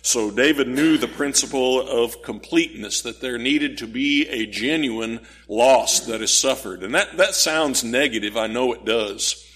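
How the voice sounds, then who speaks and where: A man preaching a sermon, slow and deliberate, lifting his voice on key words. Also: mid-range voice, a bit bright, slight background noise.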